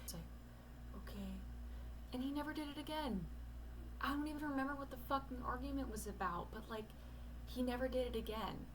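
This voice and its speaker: A woman's voice: high voice, fairly even intonation, fast talker, background noise. A young woman in casual talk to camera, rambling and candid, swearing casually, talking at home at night.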